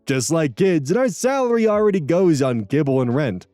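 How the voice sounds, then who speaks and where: A man's voice: on the high side, very animated, normal speed, mellow, dry recording, faint music behind, pitched above the performer's own voice. A man voicing a young man who brushes off questions in a playful, laughing way. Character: playful young-adult man, joking fiance.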